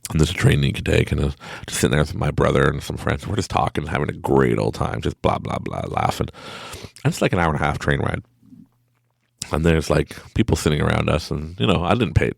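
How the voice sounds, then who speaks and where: Deep gravelly upbeat man. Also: no room sound, clean studio sound. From Quebec, Canada. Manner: upbeat, laughs often, acts out voices. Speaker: podcast host. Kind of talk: casual motivational monologue.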